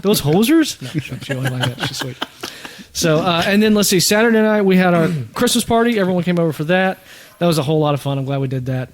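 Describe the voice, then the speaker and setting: A man's voice: a little high, fast. A man in his thirties hosting a podcast, telling stories in casual chat and laughing as he goes. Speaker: podcast host.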